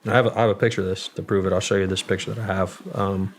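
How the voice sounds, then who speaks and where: A man's voice: low voice, little pitch movement, rapid-fire, slight background noise. A young man, a military veteran and podcast guest, telling a story in a loose, profane way, full of "like" fillers. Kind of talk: casual storytelling.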